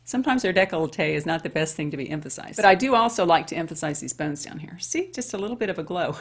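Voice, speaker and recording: A woman's voice: fairly low pitch, lively intonation, quick pace, creaky, husky. A woman over fifty chatting her way through a makeup tutorial and talking straight to women viewers. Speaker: beauty vlogger. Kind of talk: casual makeup tutorial chat.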